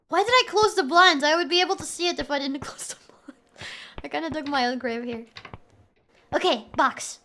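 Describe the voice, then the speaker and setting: A woman's voice: high-pitched, moderate pace, pauses often, fairly bright tone, a little hiss or hum. A woman streamer giving casual, playful commentary while she plays a horror game and jokes with her chat. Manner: playful, jokey, talks to chat.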